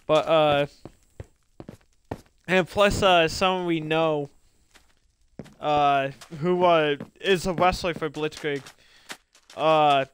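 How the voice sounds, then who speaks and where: Excitable high-voiced young man rambling. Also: takes it slowly, long pauses, a little hiss or hum. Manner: rambling, excitable, many uh fillers and laughs. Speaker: streamer. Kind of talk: casual gaming chat.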